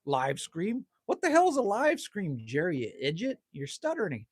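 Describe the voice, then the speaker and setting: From outside his cabin in the evening, a laid-back man from Manitoba, Canada, hosts a livestream, casually chatting and reading viewer comments while teasing himself, swearing lightly, and saying "man" often. His husky voice swings hugely in pitch and runs a little fast. The sound is dry and close, with little room echo.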